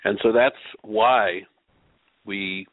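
A man teaching about love and healing in a measured, earnest way, telling a story to make his point. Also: on the low side, flat delivery, no echo. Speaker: radio show host and healing teacher. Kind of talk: spoken teaching with a told story. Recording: tinny phone-like line.

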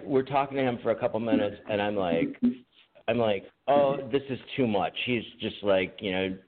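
A man co-hosting a podcast, telling rambling stories in casual chat with frequent laughter. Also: lowish voice. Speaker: podcast co-host. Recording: tinny phone-like line.

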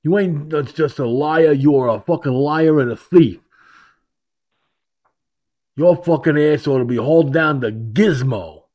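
A man's voice: a little high, unhurried, long pauses, a little mellow. A man acting out a furious, cursing heckler, crude and confrontational. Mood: angry.

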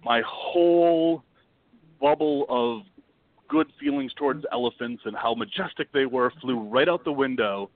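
A man guesting on a podcast, telling a travel story in a lively, dramatic way and swearing freely. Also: medium pitch, a little slow. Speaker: podcast guest, wildlife video producer. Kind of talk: casual storytelling. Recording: dry, tinny phone-like line.

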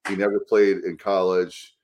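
A man's voice: low voice, little pitch movement, normal speed, a little mellow, slight background noise. A man hosting a casual sports chat, rambling with enthusiasm, steering the talk. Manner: enthusiastic, rambling, runs the show. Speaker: podcast host.

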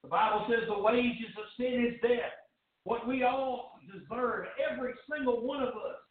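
A man preaching a fervent sermon as pastor, with rising shouts and drawn-out phrases. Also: extremely high pitch. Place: church sanctuary. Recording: distant, echoey, phone-like church recording.

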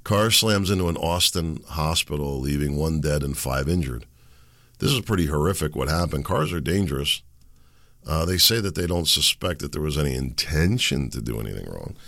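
Gravelly, low-voiced male talk host. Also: lively intonation, normal speed, a bit bright, no room sound. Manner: sarcastic, ranting, mocking. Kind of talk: political commentary monologue.

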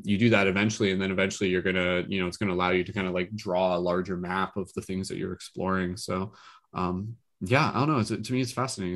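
A man hosting a group discussion podcast, talking in a relaxed, rambling way with many fillers. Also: sits low. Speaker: podcast host leading a dream discussion.

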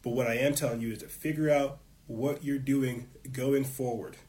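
A man's voice: medium pitch, steady tone, normal speed, a little mellow. A man hosting his own show, delivering an impassioned political monologue, fired up and swearing often. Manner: fired up, profane, preachy. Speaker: show host.

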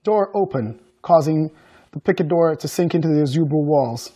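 A male author reading aloud from his novel with measured storytelling. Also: on the high side, lively intonation, mellow. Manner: measured storytelling with acted dialogue.

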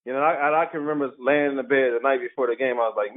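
A man's voice: medium pitch, fast talker. A man who played pro basketball, telling stories in an interview and acting out the quotes. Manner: animated storyteller, acts out quotes. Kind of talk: storytelling interview. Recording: tinny phone-like line.

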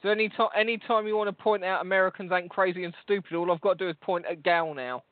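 High-voiced, sweary London man on a tinny line. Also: quick pace, no room sound. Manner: sweary, teasing, rambling. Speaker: podcast co-host. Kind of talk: casual banter. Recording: tinny phone-like line, dry.

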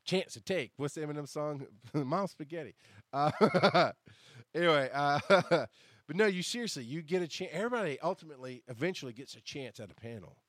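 Profane, animated male podcast storyteller. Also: on the high side, fast talker, no room sound, clean studio sound. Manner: animated, profane, laughs at himself. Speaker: podcast host. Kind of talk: casual storytelling monologue.

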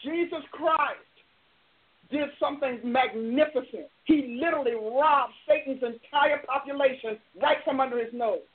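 A woman's voice: high voice, normal speed. A woman preacher and show host giving a live broadcast sermon, fervent and emphatic, driving her points home with repeated declarations. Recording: tinny phone-like audio.

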